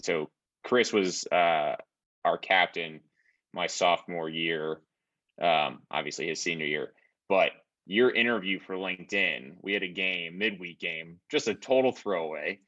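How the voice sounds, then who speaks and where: Deep bright-voiced young man, slightly muffled. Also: a little slow. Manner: animated anecdotes with frequent restarts. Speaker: podcast co-host, former college baseball player. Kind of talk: casual conversational storytelling.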